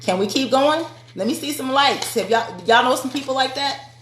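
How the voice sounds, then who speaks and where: A woman's voice: high-pitched, moderate pace, a bit bright, a little hiss or hum. A woman giving a motivational live-stream talk to women, speaking directly and preacherly and calling out to her viewers. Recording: echoey room.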